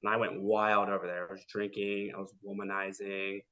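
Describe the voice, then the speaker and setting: A man telling his story as a podcast guest, lively and full of "like" fillers, acting out the people he quotes. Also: on the low side, normal speed. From United States. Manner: animated, acts out quoted people, many "like" fillers. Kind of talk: casual storytelling interview. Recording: dull lo-fi podcast audio.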